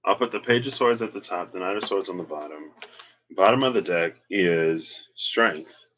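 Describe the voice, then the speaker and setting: A man's voice: low voice, moderate pace, a bit bright, rough recording. A man giving a casual solo tarot reading and rambling as he thinks aloud. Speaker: tarot reader.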